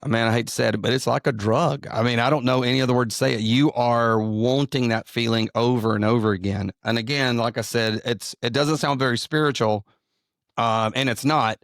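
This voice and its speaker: A man's voice: medium pitch, steady tone, fairly quick, fairly bright tone, no echo, clean studio sound. A middle-aged man with a Southern US drawl, a comedian and pastor who tells rambling, self-deprecating stories in conversation. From American South. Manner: rambling, self-deprecating storyteller with many restarts. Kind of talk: interview conversation.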